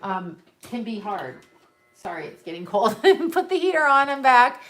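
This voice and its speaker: A woman's voice: fairly high pitch, very animated, measured pace, fairly bright tone. A middle-aged woman working as a psychic medium, chatting casually and candidly with viewers, swearing and laughing often. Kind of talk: casual livestream chat with viewers.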